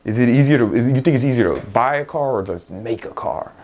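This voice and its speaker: A man's voice: medium pitch, lively intonation, a little fast, darkish tone. A young man, an entrepreneur, giving a blunt, profane motivational talk with frequent laughs and restarts.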